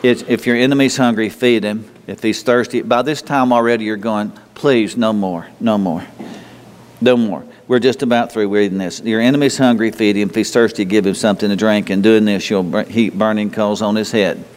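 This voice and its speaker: A man's voice: on the low side, steady tone, fairly quick, hardly any pauses, clear, resonant tone. A man preaching a sermon in a church, talking conversationally to the congregation, repeating words and asking rhetorical questions. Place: church sanctuary. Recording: long hall reverb.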